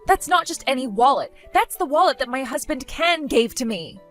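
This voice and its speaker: A woman's voice: high voice, expressive, moderate pace, a bit bright, soft background music. A woman voicing a weary, exasperated young married woman who answers with dry sarcasm in a text-story skit. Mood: fed-up.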